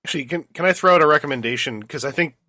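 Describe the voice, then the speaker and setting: A man co-hosting a casual podcast, giving advice in an emphatic, animated way. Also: on the high side, racing, no echo, clean studio sound. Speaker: podcast co-host.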